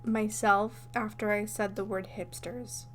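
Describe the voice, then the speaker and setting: A woman's voice: mid-range voice, flat delivery, a little slow, a little hiss or hum. A young woman co-hosting a podcast in casual chat, giggly and easily amused, telling meandering stories. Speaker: podcast co-host.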